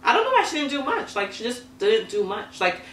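A young woman chatting casually in a reaction vlog, laughing often and reacting with excitement. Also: on the high side, a little fast, distant mic, slight background noise. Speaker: YouTuber reviewing celebrity costumes. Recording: echoey room, voice somewhat off-mic.

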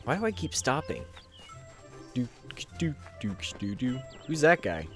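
Excitable young man yelling at a game. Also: mid-range voice, measured pace, faint music behind. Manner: excitable, jokey, swears and shouts at enemies. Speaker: gameplay commentator. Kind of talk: let's play commentary.

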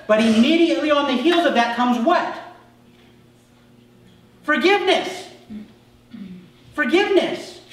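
Slow high-voiced pastor guy preaching, goes quiet then loud, church mic far off and super echoey. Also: animated. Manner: emphatic, drops to soft asides then rises sharply. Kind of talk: sermon. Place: church sanctuary.

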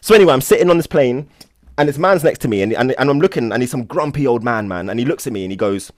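Leading a Buddhist study session, a man with an expressive, medium-pitched voice teaches and tells stories at a quick pace. He's enthusiastic and rambling, restarting often, in a casual manner, captured as a dry, clean studio recording.

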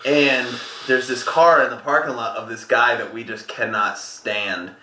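Bright-voiced, crude laughing man. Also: medium pitch, steady tone, a little slow, reverberant, slight background noise. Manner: laughing, crude, reacts eagerly. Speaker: podcast co-host. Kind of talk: casual chat over a beer.

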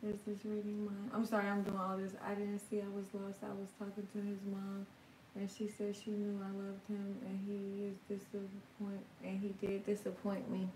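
This tarot reader's mid-range voice is completely flat and dark, at a moderate pace, picked up by a distant mic in a roomy space with faint ambience and a little hiss or hum. On her casual live stream she reads chat aloud and replies, loose, frank and occasionally profane.

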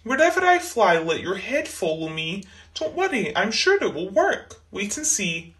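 A woman voicing a small, confident male bird in a storybook, brisk and reassuring. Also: medium pitch, big pitch swings, fairly bright tone. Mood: coaxing.

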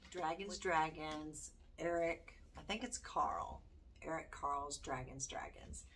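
Slow-talking older Southern woman. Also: low-pitched, a bit bright, a little hiss or hum. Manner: chatty, folksy, reads book titles aloud. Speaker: homeschooling vlogger. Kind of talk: casual chat to camera.

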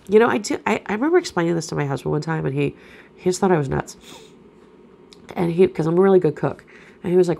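Gravelly woman with allergy cough. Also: lowish voice, lively intonation, a little fast. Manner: casual and talkative, breaking off to explain. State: coughing and throat-clearing from allergies. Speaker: spiritual coach reading a self-help book aloud. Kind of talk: reading aloud with chatty asides.

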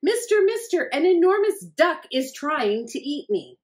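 A woman doing a panicked young boy. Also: drawn-out words. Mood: alarmed. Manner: high, loud, alarmed cries. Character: frightened young boy camper.

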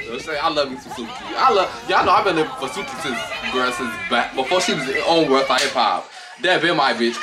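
A man giving casual reaction commentary as a vlogger, gossiping in an animated, profane way, recorded on a camera on a tripod. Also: mid-range voice, a little fast, music in the background, a crowd in the background.

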